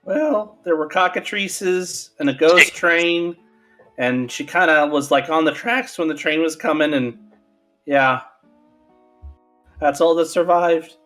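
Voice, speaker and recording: A man's voice: fairly high pitch, slow pace, a bit bright, faint music behind. A man playing in a tabletop game, joking around in a playful, casual way. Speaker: player.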